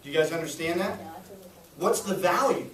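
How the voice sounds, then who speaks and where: A man's voice: on the high side, lively intonation, normal speed, a bit bright, distant mic. A man running a sales training session for a group, jokey and always checking in with the room. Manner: jokey, keeps checking in with "right?". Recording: echoey room recorded from afar, faint noise.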